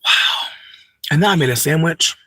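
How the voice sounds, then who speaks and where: A man's voice: a little high, animated, normal speed, sharp tone, dry recording. A young man, rambling in a profane, campy, unscripted vlog monologue full of asides. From United States. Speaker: vlogger.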